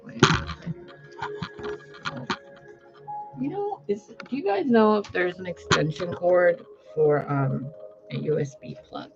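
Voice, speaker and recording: A woman's voice: on the low side, huge pitch swings, normal speed. A woman tarot card reader in casual livestream chat, talking loosely and swearing now and then. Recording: dull lo-fi sound with music behind.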